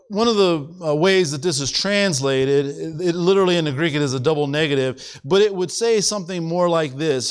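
A man preaching a sermon to his congregation, his clear, resonant voice sitting a little high. He restarts and repeats words often, and when a point matters he climbs sharply in pitch with passion. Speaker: pastor.

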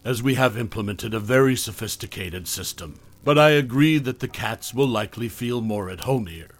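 A man voicing a scheming professor villain in a smooth, condescending tone. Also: mid-range voice, moderate pace, close to an everyday voice. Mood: calm.

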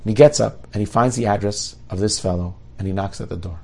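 Fast-talking gravelly man telling a story. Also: fairly low pitch, mellow. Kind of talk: oral storytelling.

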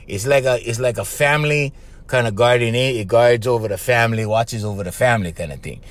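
A middle-aged Hawaiian man talks a little fast at medium pitch, his accent touched by Hawaiian Pidgin. Hosting his casual solo podcast, he rambles, chuckles, and keeps checking in with "right?" and "okay?".

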